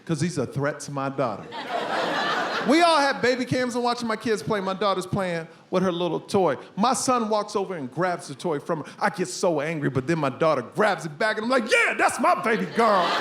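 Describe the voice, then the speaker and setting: A man in his forties performing a stand-up comedy set, telling stories with loud, animated punchlines. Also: sits high, a little fast, a crowd in the background. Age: 40s. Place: stage before a live audience. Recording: live stand-up recording with audience noise.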